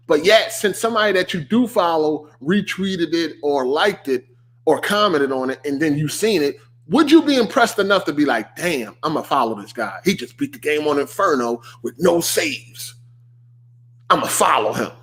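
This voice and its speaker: A man's voice: high voice, fairly bright tone. A young man hosting a live stream, chatting casually and profanely with viewers and firing rhetorical questions at them. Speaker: streamer host.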